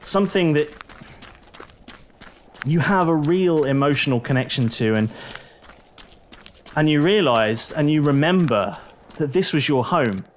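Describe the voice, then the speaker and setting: A man's voice: a little high, animated, unhurried, pauses often, slight background noise. A man acting as game master, telling the story to the players in the second person with a dramatic storyteller's delivery. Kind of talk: dramatic tabletop narration.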